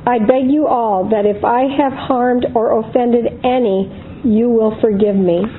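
A woman gives voice to a condemned believer who answers her accusers with calm, unwavering defiance. The voice sits a touch high and speaks with firm solemnity. It comes through a thin, phone-like channel with a faint hiss behind it. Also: measured pace, natural voice. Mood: steadfast. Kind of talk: dramatic reading of a historical account. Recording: tinny phone-like audio with faint noise.

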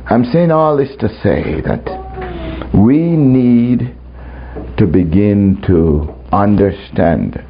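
A man's voice: fairly low pitch, takes it slowly. A man preaching a testimony sermon to a congregation, telling his story and laughing often. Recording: muffled recording with faint ambience.

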